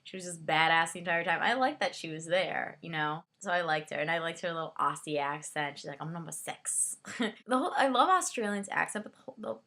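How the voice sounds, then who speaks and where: A young woman giving a casual book and movie review, rambling excitedly with lots of fillers and side comments. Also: lowish voice, fast talker.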